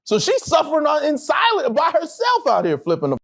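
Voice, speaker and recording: A middle-aged man, an actor, telling a personal story in an interview with animated, profane, emotional delivery. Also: extremely high pitch, brisk, vocal fry, shouting.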